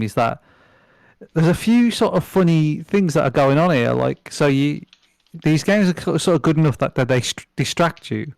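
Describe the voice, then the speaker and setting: A man's voice: mid-range voice, dry recording. Man, casual podcast chat, rambling, swears a lot, dry close sound. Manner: rambling, swears freely, lots of fillers and restarts. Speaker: podcast guest.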